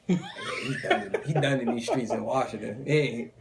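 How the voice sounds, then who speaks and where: A man's voice: medium pitch, wildly swooping pitch, measured pace, creaky, slight background noise. A man co-hosting a podcast in casual chat, chatty, often laughing and asking questions. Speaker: podcast co-host.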